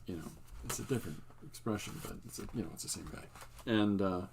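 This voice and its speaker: An older man who hosts his own art channel, casually showing his pages in a relaxed, meandering, self-amused way. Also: sits low, quick pace, gravelly, a little hiss or hum. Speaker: artist and channel host. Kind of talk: casual show-and-tell livestream.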